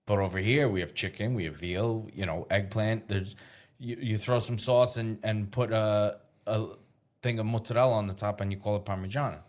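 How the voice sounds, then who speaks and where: Man, low-ish voice, chef guest, casual interview, explanatory, thinking aloud. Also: steady tone, normal speed.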